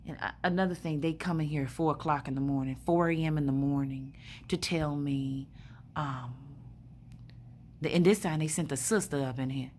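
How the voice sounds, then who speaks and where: A woman's voice: low-pitched, normal speed, a little mellow, slight background noise. A woman in a hospital room telling a rambling story in a blunt, profane way, full of fillers. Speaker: spiritual vlogger. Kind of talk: casual storytelling monologue.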